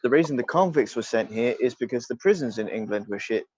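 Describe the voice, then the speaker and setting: A man's voice: medium pitch, lively intonation, fast talker, a little mellow, slightly rough. Wry man on a dull line. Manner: wry, joking, steers the conversation. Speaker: podcast host. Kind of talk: casual chat.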